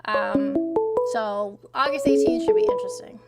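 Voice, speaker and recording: A woman's voice: on the high side, sing-song, normal speed, loud music behind the voice. A woman hosting a live call-in stream who bluntly questions and challenges her callers. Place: in Florida.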